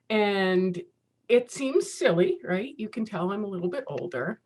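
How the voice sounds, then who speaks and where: A woman's voice: medium pitch, animated, a little slow, darkish tone. Woman, 50s, casual conference speaker on a video call; chatty, self-mocking, laughs easily. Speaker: keynote speaker.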